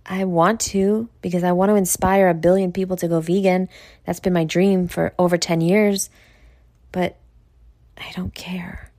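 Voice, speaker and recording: A woman's voice: lowish voice, flat delivery, moderate pace, mellow, no room sound, studio quality. A woman from New York with a New York accent, hosting a podcast in a blunt, profane, rambling monologue that drops now and then into near-whispered asides. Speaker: podcast host. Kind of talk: casual monologue.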